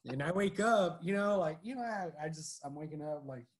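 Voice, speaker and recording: A man's voice: fairly high pitch, expressive, fairly quick. A man co-hosting a podcast in casual chat, rambling through stories full of "like" and "you know". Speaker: podcast co-host.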